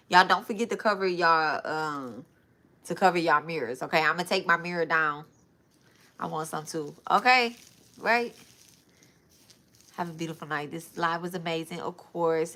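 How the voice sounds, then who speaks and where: A woman's voice: deep voice, normal speed, pushed and bright. A woman, talking loosely and informally to her live-stream viewers, calling them y'all. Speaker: spiritual reader and live-stream host. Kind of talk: casual live-stream chat.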